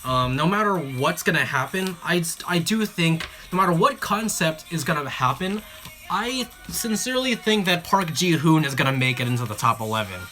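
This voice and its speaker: An excitable host talking casually on a livestream, full of fillers and quick restarts. The voice sits at a middling pitch, with faint music playing underneath. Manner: excitable, chatty, many fillers and restarts, giggly. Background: faint background music.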